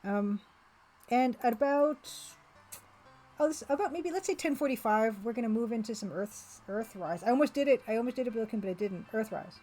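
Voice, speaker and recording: A woman's voice: on the high side, animated, brisk, warm tone, faint music behind, poor audio. A woman streamer chatting casually and laughing often as she plays a retro game, reading its text aloud. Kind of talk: casual live-stream chat while playing a retro game.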